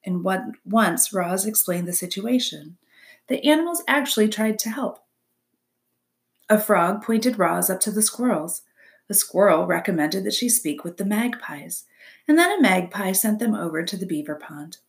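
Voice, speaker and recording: A woman's voice: medium pitch, moderate pace. Woman reading a children's book. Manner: expressive storytelling. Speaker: narrator. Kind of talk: reading a children's novel aloud.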